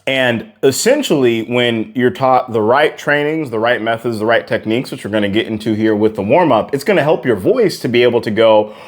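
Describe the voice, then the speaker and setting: A young man teaching a singing warm-up, talking earnestly and repeating words for emphasis. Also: mid-range voice, fairly quick, few pauses. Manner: earnest, repetitive, encouraging. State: out of breath after exercises. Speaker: vocal coach. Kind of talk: singing lesson with demonstrations. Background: piano.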